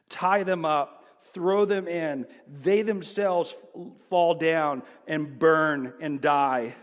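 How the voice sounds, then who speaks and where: A male pastor preaching a sermon, telling a story with animation, swinging between excited shouts and quiet asides. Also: a little high, in a large hall.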